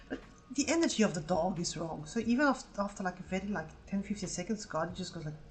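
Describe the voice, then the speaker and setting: A woman's voice: medium pitch, fairly quick, rough recording. Swearing, sarcastic woman telling a story. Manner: animated, profane, sarcastic anecdote telling. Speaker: livestreaming artist. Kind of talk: casual storytelling while drawing on stream.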